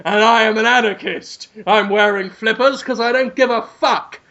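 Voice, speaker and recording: A man's voice: sits high, moderate pace, pushed and bright, muffled recording. A man playing a defiant masked anarchist vigilante, declaiming smugly.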